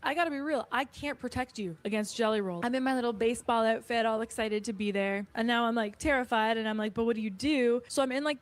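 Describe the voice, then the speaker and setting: A woman in a played clip telling a frightening story in a snarky, shaken way. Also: on the high side. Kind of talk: storytelling to camera.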